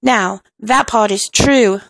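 A woman who is sick with a fever, talking in a deliberately fake, exaggerated British accent in a playful, self-mocking, apologetic comic monologue. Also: medium pitch, gravelly, fairly bright tone, no echo. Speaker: amateur audio poster. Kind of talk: casual comedic monologue.

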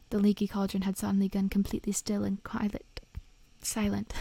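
A woman narrating a storybook in a gentle, half-whispered read-aloud, close to the mic. Her voice is gravelly with a mellow, dark tone. The room sounds dry. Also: medium pitch, completely flat delivery, moderate pace, no room sound. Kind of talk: soft storybook reading aloud, partly whispered.

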